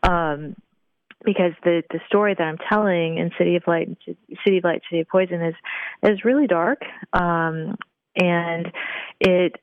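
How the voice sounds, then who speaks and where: A woman guest on a radio interview who explains her ideas in a thoughtful, measured way with frequent fillers. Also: fairly low pitch, dry recording. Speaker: guest, professor. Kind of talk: phone interview, explaining at length. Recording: dry tinny phone line.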